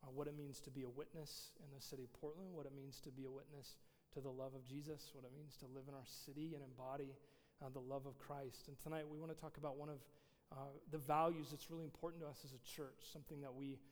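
A man's voice: medium pitch, little pitch movement, fast talker. A man, a pastor giving a casual, conversational sermon with many fillers. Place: church sanctuary. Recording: long reverb of a large hall.

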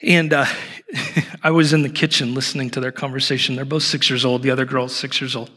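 A man in his thirties preaching a sermon at an evening church service, telling a story with humor and warmth. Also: mid-range voice, fairly quick. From Portland, Oregon. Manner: animated storytelling with self-deprecating humor. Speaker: pastor.

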